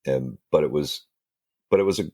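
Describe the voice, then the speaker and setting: Man, extremely deep voice, rambling casual storyteller, dry close sound. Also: fairly quick, a little mellow, no room sound. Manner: rambling, self-deprecating, many fillers and restarts. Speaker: guest musician, band singer.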